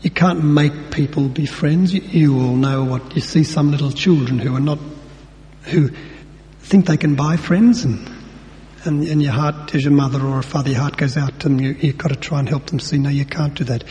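Preacher in a reverberant hall. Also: male voice, on the high side, normal speed, mellow. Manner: conversational, acts out dialogue with colloquial asides. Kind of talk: sermon. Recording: long hall reverb, faint hum.

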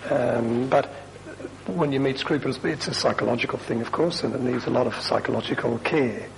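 A man's voice: mid-range voice, moderate pace, gravelly, slight background noise, poor audio. A man speaking as a priest to a group, chatty and self-deprecating, with emphatic asides and questions to his listeners. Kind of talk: talk to a parish group.

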